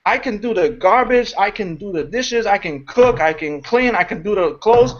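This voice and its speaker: A man mentoring a sales team about leadership in a casual, rambling, animated way, recorded as lo-fi online call audio. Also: sits high, moderate pace. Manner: animated, rambling, mocks shouting voices. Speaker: network marketing mentor. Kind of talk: casual motivational talk.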